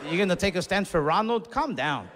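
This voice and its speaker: A man's voice: high voice, brisk, background noise. Man, stand-up comedian, acts out characters, stage mic, reverberant hall, faint background ambience. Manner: animated, acts out other people in dialogue, laughs mid-story. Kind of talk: stand-up storytelling.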